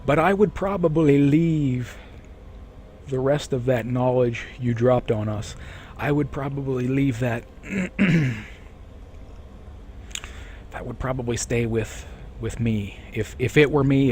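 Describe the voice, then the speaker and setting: A man streaming a game live, chatting with viewers in a rambling way. He keeps correcting himself and clearing a sore throat. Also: mid-range voice, darkish tone, a little hiss or hum. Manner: rambling, self-correcting, reads chat aloud. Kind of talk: casual live-stream chat.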